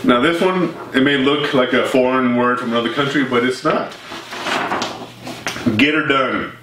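A man's voice: mid-range voice, moderate pace. A man from East Texas with a Texan accent, chatting in an easygoing, agreeable way. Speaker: co-host. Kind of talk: casual chat. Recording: echoey room, mic at a distance, hissy.

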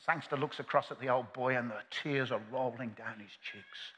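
An older man preaching a sermon at a convention, earnest and moving between loud climaxes and hushed quiet. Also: medium pitch, normal speed, hardly any pauses, husky, big-room sound. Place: large convention hall.

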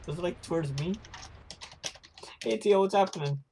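A young man streaming a video game, chatting with his viewers as he plays and breaking into shouts and high laughter at what happens on screen. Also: moderate pace, gravelly, slight background noise. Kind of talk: casual gaming livestream chat.

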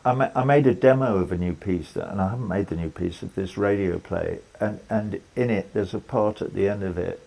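A man's voice: sits low, brisk, gravelly, few pauses, warm tone, husky, rough recording. An older man, telling a long story as an interview guest, rambling with restarts and quoted lines. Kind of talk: relaxed storytelling conversation.

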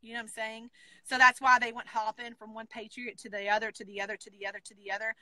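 Woman, high voice, bright tone, brash, profane, casual chat. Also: level tone, quick pace, dry recording. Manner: brash, profane, storytelling with acted quotes. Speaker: co-host.

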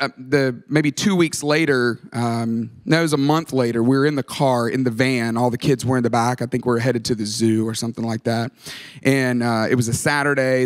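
A middle-aged man preaching a sermon as a guest pastor, telling a personal story with self-deprecating humor and acting out the voices he quotes. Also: mid-range voice. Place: large church auditorium. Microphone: stage microphone.

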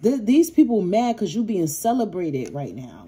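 A woman's voice: medium pitch, wildly swooping pitch, moderate pace, few pauses, mellow, husky. Blunt, profane woman reading tarot. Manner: blunt, profane, heated, mimics others in raised voice. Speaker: tarot reader.

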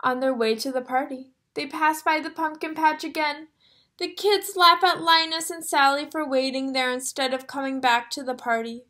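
Teacher reading a storybook to little kids, high voice, slow, gasps and asks questions. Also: female voice, fairly even intonation, sharp tone. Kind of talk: reading a picture book aloud to young children.

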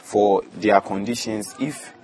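A young man from Ghana in his twenties, a student catfish farmer giving plain, halting answers with fillers in an interview. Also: lowish voice, fairly even intonation, a little mellow, a little hiss or hum. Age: 20s.

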